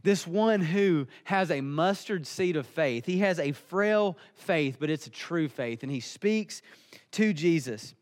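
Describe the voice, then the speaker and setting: In a large hall, a man preaches a sermon in a fairly high, animated voice at a slow pace. He's earnest and emphatic, building in intensity.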